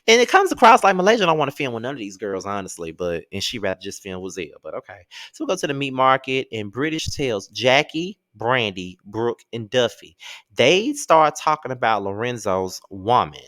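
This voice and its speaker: Sassy, animated man recapping reality TV. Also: mid-range voice, normal speed, dry recording, studio quality. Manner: sassy, blunt and profane, with exasperated outbursts. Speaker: TV recap host.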